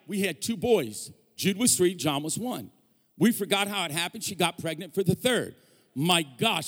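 In a church hall full of long reverb, a guest pastor preaches in a slightly high, somewhat bright voice. He animates his stories by voicing the people he quotes, and he jokes around with the congregation.

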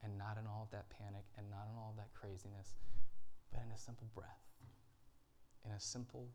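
A male pastor preaching to his congregation, earnest and dramatic, letting long pauses hang between phrases. His voice sits fairly low, with a faint hum of background noise in the room. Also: little pitch movement, a little mellow. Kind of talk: sermon. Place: church.

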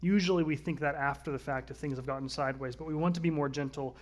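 Male pastor, 30s, earnest conversational sermon delivery, slightly raised pitch. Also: steady tone, fast. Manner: earnest, conversational preaching with shifts between loud and soft.

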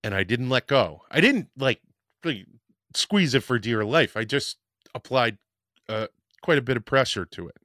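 A man's voice: mid-range voice, animated, normal speed, sharp tone, no echo, clean studio sound. A man hosting a podcast, telling a personal story in a frank, rambling way and swearing casually. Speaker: podcast host.

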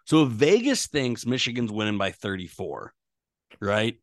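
Male podcast co-host, animated pitch, dry close mic, casual stats talk. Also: moderate pace, no echo. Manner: conversational, stats-heavy, many fillers. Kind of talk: casual sports podcast chat.

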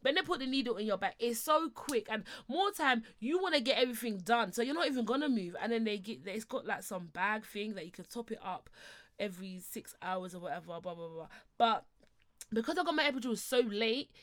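A woman's voice: on the high side, lively intonation, fairly quick, a bit bright. A young woman, co-hosting a podcast and animatedly telling a personal story, acting out what people said and laughing often. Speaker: podcast co-host.

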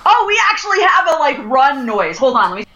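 A woman's voice: high-pitched, very animated, brisk, pushed and bright, dull audio. A young adult woman co-hosting a podcast, chatting casually and telling stories with lots of fillers and laughter. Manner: chatty storyteller, laughs often, many "like" fillers. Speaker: podcast co-host. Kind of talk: casual chat.

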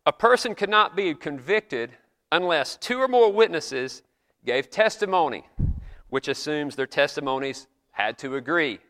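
A man's voice: on the high side, animated, a little slow, a bit bright, big-room sound. A man preaching a sermon in a chapel, retelling scripture in an earnest, conversational storytelling way.

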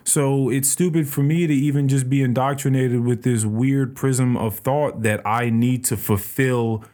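A man hosting a podcast, retelling a book in casual, animated chat with plenty of swearing. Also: medium pitch, measured pace. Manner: animated, profane storytelling. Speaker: podcast host.

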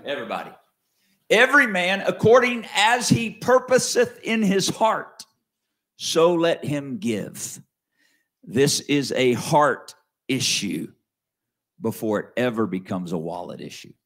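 A man preaching a sermon in a conversational way, slowing down and rising to stress key words, then dropping low for asides. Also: sing-song. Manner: conversational with wide swings in pitch and loudness, slows to stress key words. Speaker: pastor.

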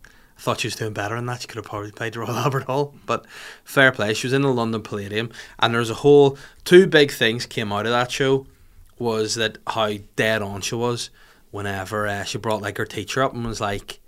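A man's voice: medium pitch, steady tone, fairly quick, fairly bright tone. Rambling, sweary male podcast host. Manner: rambling, sweary, mocking banter. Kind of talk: casual comedic podcast chat.

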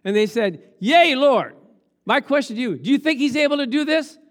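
A man's voice: very high-pitched, lively intonation, fast. A man preaching a sermon, acting out Bible scenes and laughing often as he talks. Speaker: pastor.

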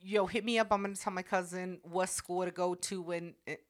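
A female podcast co-host with a fairly low voice. She talks bluntly and drily, tossing in profanity without fuss. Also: fairly even intonation, fairly quick. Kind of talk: casual podcast chat.

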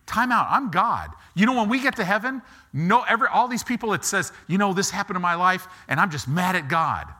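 A middle-aged man preaching a sermon, animated and acting out quick asides as he talks. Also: sits high. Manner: animated, acts out God and people in quick asides.

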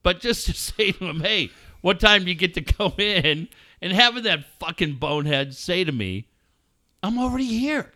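Animated high-pitched man bantering on radio. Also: moderate pace. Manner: loud, mocking, animated storyteller who swears a lot. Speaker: radio show host. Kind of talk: casual profane banter.

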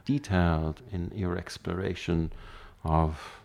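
Low, gravelly-voiced male interviewer. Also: steady tone, darkish tone. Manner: measured, probing, with fillers. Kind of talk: thoughtful interview questions.

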